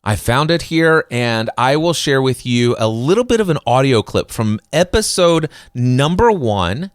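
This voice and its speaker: A man's voice: mid-range voice, animated, measured pace, dry recording, studio quality. A man hosting a solo podcast, talking in a bold, confident, conversational way. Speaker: podcast host.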